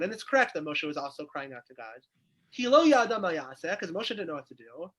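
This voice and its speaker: In a lively text study lecture, a rabbi teaches his weekly Torah class by video call, asking questions aloud to explain. He has a high-pitched, fairly bright voice.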